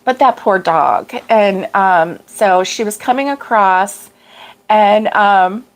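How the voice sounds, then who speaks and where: A woman's voice: mid-range voice, animated, slow pace. A middle-aged woman hosting a casual livestream, rambling through a story with fillers and laughs, fighting off allergy sneezes. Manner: rambling, chatty, laughs often, greets viewers by name. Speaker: crochet livestream host. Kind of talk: casual chat.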